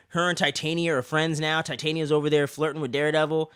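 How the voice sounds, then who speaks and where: A man co-hosting a casual review show, rambling and swearing as an excited fan. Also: a little high, fast, few pauses, smooth, dry recording, clean studio sound. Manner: rambling, profane, excitable fan talk with many fillers. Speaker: podcast co-host reviewing an episode.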